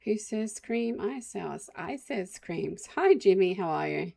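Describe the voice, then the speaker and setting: Australian woman, game streamer, creaky gravelly voice, loose rambling chat to her viewers. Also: medium pitch, lively intonation, a little slow, few pauses, darkish tone, soft background music. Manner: rambling, chatty, talks to chat while playing. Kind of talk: casual live-stream chat.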